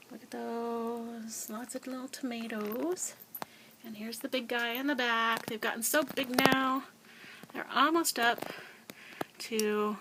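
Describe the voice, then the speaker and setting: A woman walks through her small greenhouse, talking in a chatty, proud way and dropping into soft whispers for asides. She sounds a little out of breath. Her middle-pitched voice comes through a noisy recording with audible clicks. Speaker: home gardener giving a tour. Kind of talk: casual video tour.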